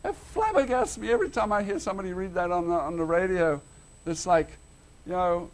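High-voiced Australian preacher, animated. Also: male voice, fairly quick. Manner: animated, swings between loud and hushed. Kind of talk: sermon.

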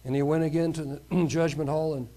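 A man preaching a sermon, reading scripture verse by verse and pausing to comment on it. His voice sits a little high but sounds soft and mellow. He keeps a plain, unhurried reading manner throughout. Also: fairly even intonation. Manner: reads a passage aloud and breaks off to comment on it.

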